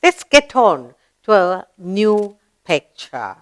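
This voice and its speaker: A woman from India teaches young children a slow grammar lesson in a mid-range, sing-song voice. Encouraging throughout, she poses questions and then answers them herself.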